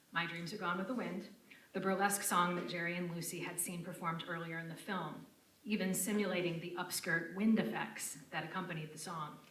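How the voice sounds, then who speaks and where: A woman with a fairly low, bright, forceful voice reads a prepared academic lecture in a measured, formal way. She sounds distant from the mic, in a roomy university lecture room. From United States (Connecticut). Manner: measured, formal delivery of written prose. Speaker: lecturer presenting a paper.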